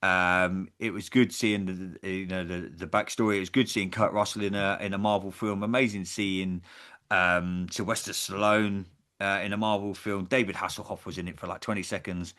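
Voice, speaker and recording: Low-voiced chatty male podcast host. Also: level tone, moderate pace, pushed and bright. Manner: chatty, rambling, swears casually. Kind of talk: casual podcast chat.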